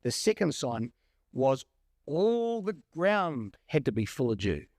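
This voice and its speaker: A male preacher giving a sermon, animated and full of rhetorical questions. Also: medium pitch, slow, no room sound, clean studio sound.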